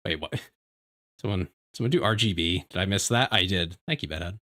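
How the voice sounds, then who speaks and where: A man streaming from home, chatting casually with his viewers in a rambling, animated way, often restarting his sentences. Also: deep voice, brisk. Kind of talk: casual livestream chat. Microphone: desk microphone.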